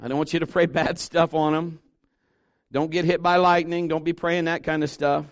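Animated preaching man, slightly high voice. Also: normal speed, no echo. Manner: animated preaching, drops softer for scripture reading. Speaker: pastor. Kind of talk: sermon.

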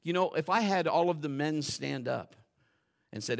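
A male pastor preaching a sermon in a folksy, joking way, dropping to quiet asides and building to loud, fervent stretches. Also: medium pitch, lively intonation, moderate pace, gravelly. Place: church.

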